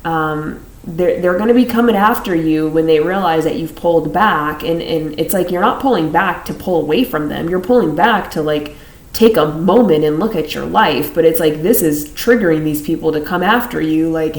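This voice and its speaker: A woman with a lowish voice reads tarot cards in a loose, chatty way, circling back over the same phrases. She laughs between her thoughts. Her voice carries a roomy echo. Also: moderate pace. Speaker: tarot reader. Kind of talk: casual tarot reading to camera.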